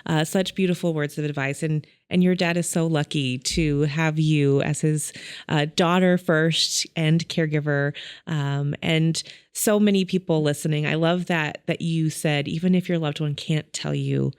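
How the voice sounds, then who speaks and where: A woman hosting an interview, affirming and conversational, with many fillers and soft "mm" responses. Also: low voice, steady tone, moderate pace, clean tone, dry recording, studio quality. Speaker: podcast host.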